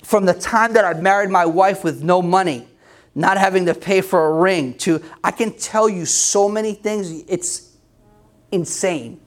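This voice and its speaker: A man's voice: high-pitched, unhurried. A middle-aged male pastor preaching an emphatic, conversational sermon with self-deprecating humor.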